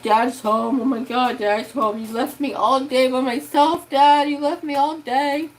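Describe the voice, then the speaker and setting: A man putting on the voice of an anxious, clingy male dog, whining and squealing like a baby. The voice jumps far above his usual pitch and is loud and pleading. It sounds like a baby complaining about being left alone. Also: fairly even intonation, a little slow, a little hiss or hum. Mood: whiny reproach. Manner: whiny, high-pitched, reproachful.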